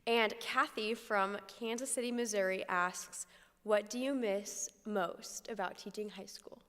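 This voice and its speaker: A woman's voice: mid-range voice, unhurried, fairly bright tone. A young woman and college student introducing herself and reading an audience question aloud at an event. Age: young adult. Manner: reads questions aloud from a distance. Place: lecture hall with audience. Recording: distant voice in reverberant hall.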